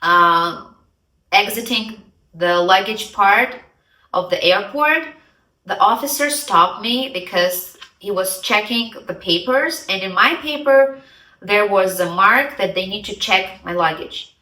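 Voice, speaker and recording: A woman telling a story in a chatty, animated way and acting out the dialogue. Her voice is bright and forward. The sound is roomy and picked up from a little way off the mic. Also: medium pitch, takes it slowly. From Russia. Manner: chatty, acts out the dialogue, many "like" fillers. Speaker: vlogger. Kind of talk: casual storytelling. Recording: roomy, somewhat distant mic.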